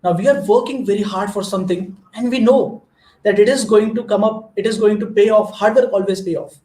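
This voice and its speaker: An Indian guest speaker from Maharashtra, whose first language is Marathi, gives an earnest motivational talk full of storytelling, frequently restarting his sentences. His voice is high for a man, brisk and mellow, and the recording sounds roomy and echoing.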